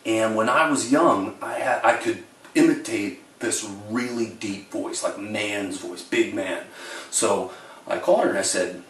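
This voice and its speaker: A man with a fairly low voice tells funny childhood stories straight to his camera. His delivery is wry and deadpan. The sound is roomy, with him sitting some way off the mic. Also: a little slow, recorded from a distance. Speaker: storyteller. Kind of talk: comic storytelling to camera.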